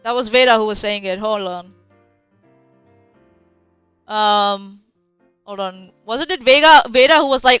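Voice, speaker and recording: A woman with a bright, crisp, fairly high voice gives blunt, sarcastic reaction commentary on a stream. She swears freely. The audio is dull and lo-fi, with faint music underneath. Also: a little slow, long pauses, no echo.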